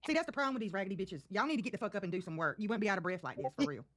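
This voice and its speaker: Animated, fast-talking sassy woman. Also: mid-range voice. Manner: sassy, mocking, profane roasting. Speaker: reaction streamer host. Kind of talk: casual reaction commentary.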